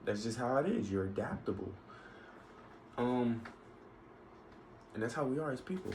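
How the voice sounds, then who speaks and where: A man's voice: mid-range voice, lively intonation, moderate pace, a little mellow, low-quality recording. Rambling man venting in a vlog. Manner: rambling, many restarts and asides. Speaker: vlogger. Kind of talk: casual opinion monologue. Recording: faint background noise.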